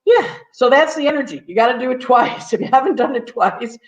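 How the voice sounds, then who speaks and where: A woman astrologer chatting casually as a guest, telling a story quickly and acting out the people in it. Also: high-pitched, expressive. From New York. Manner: talks fast when nervous, acts out quotes. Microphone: phone on a call. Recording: echoey, dull phone audio.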